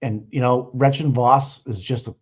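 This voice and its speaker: A man talks over courtroom footage in a loose, scornful rant full of swearing. His voice sits at an ordinary pitch, and the audio comes through slightly muffled and lo-fi. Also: steady tone, moderate pace, a little mellow, breathy edge. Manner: mocking, profane ranting. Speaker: livestream host. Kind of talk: live commentary over trial footage.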